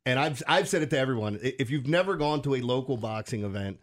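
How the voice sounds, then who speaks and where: A man's voice: mid-range voice, expressive, fast. A man co-hosting a sports radio show, chatting casually and acting out crowd reactions in his anecdotes.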